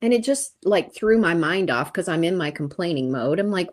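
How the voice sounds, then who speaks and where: Deep-voiced woman guest on a podcast, calm advice, gets lively telling stories. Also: normal speed, few pauses. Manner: calm and reflective, turning animated while telling stories. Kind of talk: casual interview chat.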